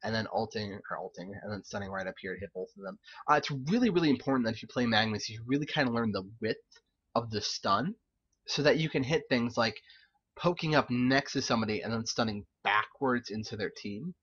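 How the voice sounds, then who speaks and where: A young man giving casual, animated live-stream commentary on game replays, swearing, laughing and throwing in quick asides. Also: on the low side, slightly rough, muffled recording. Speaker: game caster reviewing replays.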